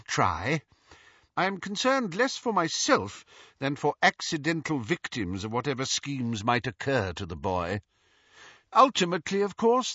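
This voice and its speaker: A man voicing a gentle, very old headmaster wizard with a measured, lightly wry way of talking, as an audiobook character. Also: medium pitch, no room sound, dull audio, pitched above the performer's own voice. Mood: grave. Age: older.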